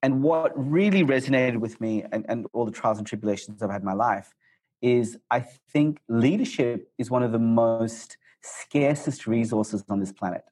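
A man in his forties speaks as an interview guest with a voice of ordinary pitch. He tells his stories in an animated, excitable rush, often quick and lively. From Australia. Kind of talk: casual interview talk.

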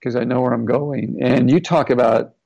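Speaking at normal speed with a steady, mellow, medium-pitched voice and some vocal fry, a former NFL player in middle age recounts a personal story as a guest. He's earnest and reflective, retelling quotes, and the recording is lo-fi and slightly dull.

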